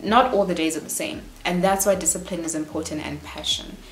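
Fast-talking South African woman in her twenties. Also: on the low side, slight background noise. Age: 20s. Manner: fast, chatty, animated. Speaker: vlogger. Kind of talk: casual advice vlog. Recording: roomy echo.

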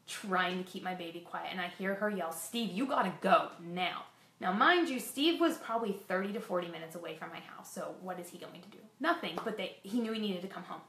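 A woman's voice: medium pitch, fairly bright tone, reverberant. A woman frankly recounting a frightening personal experience to her viewers, with self-deprecating asides. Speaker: fitness vlogger sharing a personal story. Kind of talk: candid personal storytelling.

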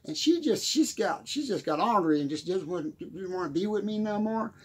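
A man's voice: sits high, expressive, a little fast, a little mellow, slightly rough. A man playing a rambling small-town country singer, stammering and chuckling as he talks. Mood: rambling folksy. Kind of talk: comedic character monologue.

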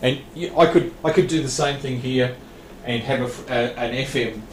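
In an echoey training room with a faint background hiss, an Australian man teaches a radio licence class. He has a mid-range voice and talks at normal speed, explaining plainly while frequently restarting and laughing a little.

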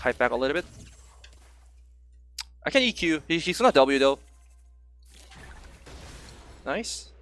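A young man from South Korea with a Korean accent, chatting casually with viewers while streaming a game, excitable and often laughing. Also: fairly high pitch, dry recording. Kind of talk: casual gameplay stream chat.

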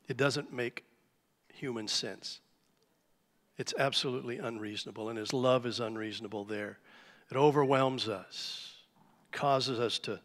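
A man preaching a sermon to a church congregation, telling a story with lively, animated delivery. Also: medium pitch. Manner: animated storytelling, acts out shouted cries. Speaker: pastor. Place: church sanctuary. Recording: live church hall reverb.

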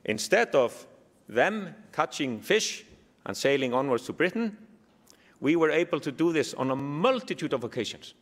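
A man with an Icelandic accent giving a keynote speech, telling a story with animated humor. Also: fairly high pitch, normal speed. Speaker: keynote speaker. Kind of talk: speech to a summit audience. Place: large hall. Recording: long hall reverb.

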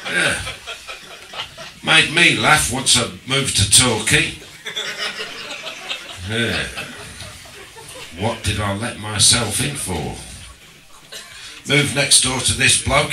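A man doing a stand-up comedy set on a social club stage, deadpan, slow and deliberate with pauses. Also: mid-range voice. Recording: roomy live club recording from a distance.

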